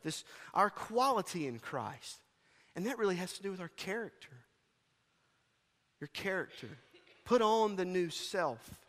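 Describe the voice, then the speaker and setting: Impassioned high-voiced preacher in a reverberant hall. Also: male voice. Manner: impassioned preaching, swings from shouting to quiet asides. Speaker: pastor. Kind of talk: sermon.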